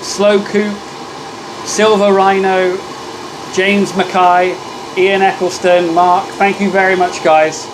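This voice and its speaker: A man's voice: sits high, level tone, takes it slowly, background noise. Upbeat British man live-streaming. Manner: chatty, upbeat, thanks viewers by name. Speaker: livestream host. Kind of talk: casual live-stream chat.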